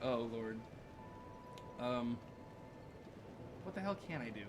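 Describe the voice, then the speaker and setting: Young male streamer, excitable and profane, rambling play-by-play chatter at mid pitch. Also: takes it slowly, music in the background. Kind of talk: live gaming stream chat.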